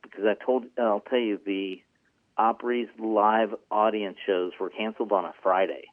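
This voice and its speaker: A man's voice: lowish voice, steady tone, moderate pace, dry recording. A man being interviewed as an executive producer, talking earnestly and rambling with lots of ums. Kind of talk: casual interview talk. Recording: tinny phone-like line.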